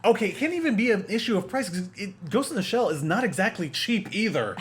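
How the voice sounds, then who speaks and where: A man co-hosting a casual film podcast, ranting in an animated, exasperated way and swearing often. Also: high-pitched, quick pace. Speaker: podcast co-host. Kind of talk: casual film-discussion chat.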